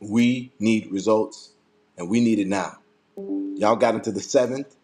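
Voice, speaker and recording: A man's voice: fairly low pitch, unhurried, a little mellow, soft background music. Fired-up, profane man ranting. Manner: heated, profane, repeats himself for emphasis. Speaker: political commentator. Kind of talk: impassioned political rant.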